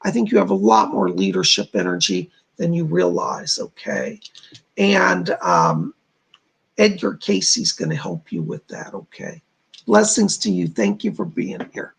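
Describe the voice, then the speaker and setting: Male psychic medium hosting a live stream, informal delivery, gravelly and husky, lively pitch. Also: unhurried. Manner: reads viewer comments aloud and relays spirit messages; informal, repeats "I gotta tell you".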